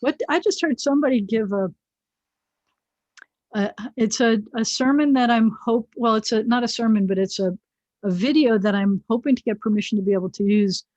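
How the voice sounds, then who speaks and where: A woman's voice: a little high, moderate pace, a little mellow, no room sound. Chatty woman rabbi teaching over video call. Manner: chatty, digressive, explains word by word with asides. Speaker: rabbi teaching biblical Hebrew. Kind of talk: online class lecture. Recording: dull, dry video-call audio.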